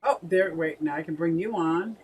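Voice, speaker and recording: A woman's voice: fairly low pitch, normal speed, a little mellow, recorded from a distance, a little hiss or hum, low-quality recording. A woman co-hosting a casual fish hobby live stream, chatting and laughing as she reads out viewer comments.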